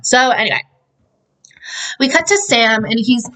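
A woman's voice: on the high side, measured pace, pushed and bright. A woman casually recapping a film as a podcast host, rambling, swearing freely and using "like" constantly. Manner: rambling and profane, heavy use of "like". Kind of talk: casual chat.

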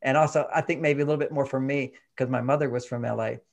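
A man from Texas, an author being interviewed, talking in an emphatic, animated way and laughing mid-sentence. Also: medium pitch, fast, gravelly. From Texas, USA. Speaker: author guest. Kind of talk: conversational interview.

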